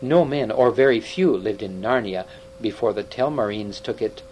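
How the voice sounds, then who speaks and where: A man reading aloud, voicing a small, wise old tutor who speaks gravely and slowly. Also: lowish voice, darkish tone, slight background noise, natural voice, poor audio. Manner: grave, measured, slow.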